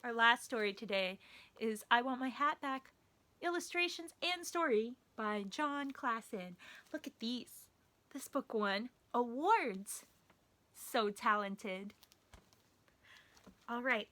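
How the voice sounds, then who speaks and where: A woman hosting a children's story time, speaking in an animated, sing-song way that encourages the children. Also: fairly high pitch, slow pace.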